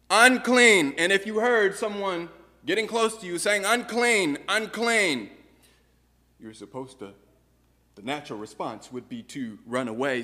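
A man's voice: fairly high pitch, fairly bright tone, in a large hall. A man preaching a sermon, earnestly posing rhetorical questions to the congregation. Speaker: pastor.

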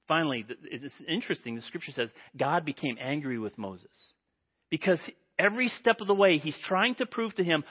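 A man preaching a sermon to a congregation, telling a story with animated delivery and acting out the quoted voices. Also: fairly high pitch, normal speed, slightly rough. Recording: dull lo-fi.

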